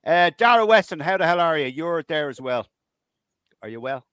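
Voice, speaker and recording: A man's voice: fairly high pitch, expressive, moderate pace, fairly bright tone, smooth, no room sound. A man hosting a live online chat, talking in a teasing, rambling way over a video call. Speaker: host.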